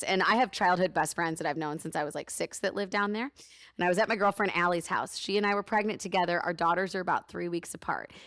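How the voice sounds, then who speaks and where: A woman in her thirties, a radio host and guest, telling lively stories and acting out the voices of the people in them. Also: lowish voice, no room sound, clean studio sound. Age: 30s. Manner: animated storyteller, acts out voices in quotes, laughs often. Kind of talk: casual interview chat, storytelling.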